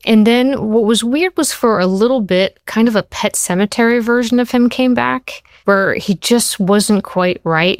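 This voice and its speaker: Woman TV writer being interviewed, smooth low voice, dry close sound. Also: dry recording. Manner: storytelling, quotes people in shifted voices. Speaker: TV writer and show creator.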